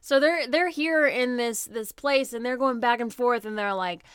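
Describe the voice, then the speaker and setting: A woman's voice: a little high, moderate pace, a bit bright, clean tone, no room sound, studio quality. A woman hosting a casual chat about a comic book, encouraging her co-host and often asking checking questions.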